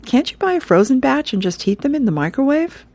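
A woman's voice: high-pitched, big pitch swings, fairly quick, a little mellow, voice pushed up, full character voice. A woman reading the lines of a wry, lazy middle-aged husband.

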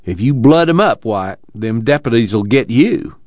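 A man's voice: medium pitch, lively intonation, a little slow, darkish tone, dry recording, lightly acted. A man voicing a worried, earnest camp leader who talks in a drawling rural dialect. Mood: stern worry. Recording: dull lo-fi dry recording.

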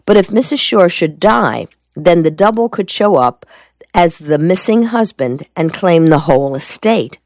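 A woman reading the part of a shrewd, calm male defense lawyer in a storybook, keeping him measured and evasive. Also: lowish voice, no echo, voice pushed up. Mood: explaining.

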